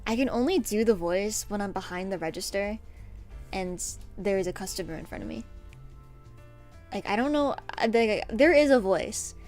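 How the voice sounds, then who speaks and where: A young woman streaming while she draws, telling a story in an animated, rambling way, with lots of fillers and laughs. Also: medium pitch, normal speed. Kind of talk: casual storytelling chat while drawing. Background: faint background music.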